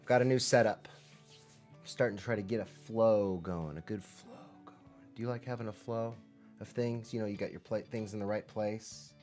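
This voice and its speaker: Hosting a live music and movement lesson, a man with a lowish voice talks directly to the children in an upbeat way. He swings from loud excitement to soft, near-whispered asides, with faint music playing in the background.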